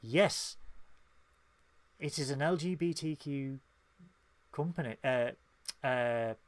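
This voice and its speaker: A man with a Northern English accent co-hosts a casual podcast, speaking slowly in a mid-range voice but in an impassioned, emphatic way. There's no room sound.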